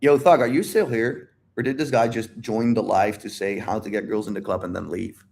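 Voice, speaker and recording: A man's voice: fairly low pitch, fairly quick, gravelly, a little mellow, a little hiss or hum. Man, livestream coach, emphatic and repetitive, swears a lot, talks straight to chat. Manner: addresses viewers directly. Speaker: dating and life coach.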